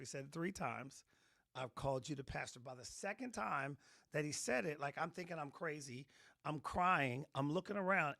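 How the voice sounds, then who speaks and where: A middle-aged man, a pastor, telling his personal testimony in an interview with animated storytelling, acting out the voices of people in his story. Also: fairly high pitch, normal speed, gravelly. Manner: animated storytelling, acts out quotes.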